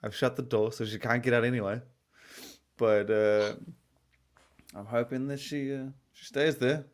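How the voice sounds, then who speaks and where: A man's voice: medium pitch, fairly even intonation, moderate pace. A young adult man co-hosting a podcast, telling a story in a rambling, profane way and sounding tired. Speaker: podcast co-host. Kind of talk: casual podcast chat.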